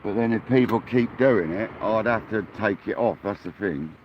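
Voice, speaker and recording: A casual English man talks to his live viewers while out on the water, slipping "mate" and "buddy" into nearly every line. His voice sits a little low, and the sound is dull and lo-fi, like a phone stream. A faint hiss of outdoor noise runs underneath. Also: normal speed. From England. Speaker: fishing livestream host. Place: outdoors on a kayak at the coast.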